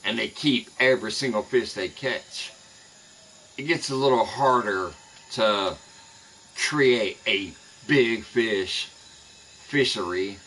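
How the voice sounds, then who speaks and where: A man's voice: fairly low pitch, slow, pauses often, pushed and bright, a little hiss or hum, rough recording. A man streaming a fishing game, ranting angrily and cursing constantly at rival streamers. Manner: profane, angry ranting. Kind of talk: live gaming stream rant.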